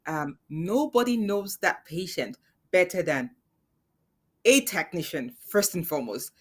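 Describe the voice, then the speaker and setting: A woman with a low but very lively voice speaks as a guest in a relaxed interview. Her replies are short, and she laughs easily. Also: measured pace, breathy edge. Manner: laughs often, brief replies. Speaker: nurse practitioner guest. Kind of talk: casual live interview chat.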